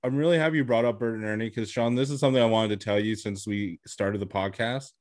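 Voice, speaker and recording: A man's voice: fairly low pitch, fast, darkish tone, no room sound. Young male podcast host, casual and chatty, laughs easily, dry close-miked voice. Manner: chatty, laughs often, says "like" a lot. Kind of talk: casual chat.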